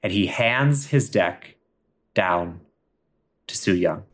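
Man narrating improv comedy, animated. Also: low-pitched, slow pace. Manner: animated, laughing, theatrical. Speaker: podcast host.

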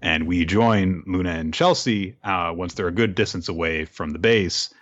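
A man with a very low, deep voice recaps a story in loose, casual chat, laughing and swearing now and then. The recording is dull and lo-fi, with a dry, close sound. He talks like a host chatting with a friend. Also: moderate pace, a bit bright, no room sound. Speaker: podcast host recapping a manga.

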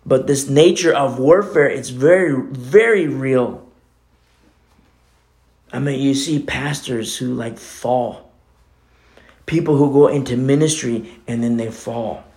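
A man's voice: medium pitch, slow pace, pauses often, darkish tone. A man preaching a sermon as co-pastor, talking in a conversational way with many asides.

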